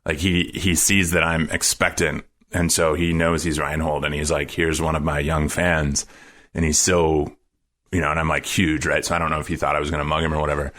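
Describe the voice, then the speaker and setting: Deep-voiced man telling a rambling story. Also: little pitch movement, a little fast, fairly bright tone. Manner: rambling, many "like" fillers, laughs while telling. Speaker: podcast guest. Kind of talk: casual storytelling.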